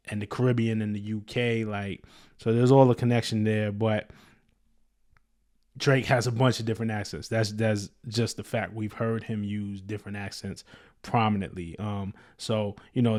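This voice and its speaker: A man's voice: fairly low pitch, darkish tone. A man hosting a casual reaction show, talking through rap lyrics in a conversational way with frequent fillers. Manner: conversational, many fillers, reads lyrics aloud and explains them. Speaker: host, music commentator.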